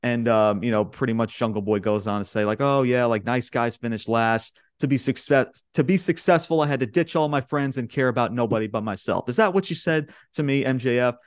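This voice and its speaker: A young podcast host from Long Island, New York, casually recaps wrestling promos, acting out the wrestlers' quotes and laughing through an animated retelling. His medium-pitched voice is brisk and clean, with hardly any pauses. The recording is dry, with clean studio sound.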